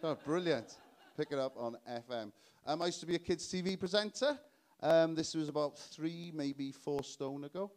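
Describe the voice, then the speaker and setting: South Welsh male comic, live stand-up, self-mocking and punchy, voice sits a bit high. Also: moderate pace, a little mellow. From South Wales. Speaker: stand-up comedian. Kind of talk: stand-up comedy set. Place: live stage before an audience.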